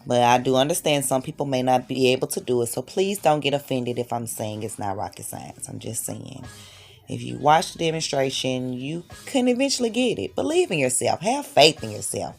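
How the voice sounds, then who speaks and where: Low-voiced woman hyping her own braids. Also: animated, moderate pace, vocal fry, darkish tone. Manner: chatty and self-encouraging, hyping herself up. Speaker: hair vlogger, mother of six. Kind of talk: casual tutorial vlog.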